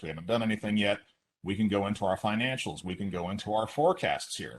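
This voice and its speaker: A man with a low, slightly husky voice walks through a teaching simulation in an online webinar. His pitch rises and falls a lot as he explains briskly, dropping in quick asides. He speaks from his desk into a computer mic on a video call. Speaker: instructor presenting a teaching simulation.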